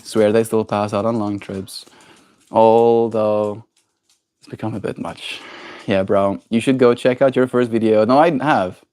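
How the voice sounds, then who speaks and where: A man's voice: on the low side, fairly even intonation, a little slow, a little mellow, clear, resonant tone, no echo. A young man with a South African accent, chatting casually on a live stream, joking and answering chat messages aloud. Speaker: livestreamer.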